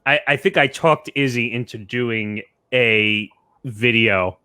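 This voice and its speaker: A man co-hosting a casual podcast chat, relaxed and easygoing as he shares stories. His voice sits at a middle pitch, and the recording is dry and close. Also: slow pace, clear, resonant tone, no echo. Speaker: co-host.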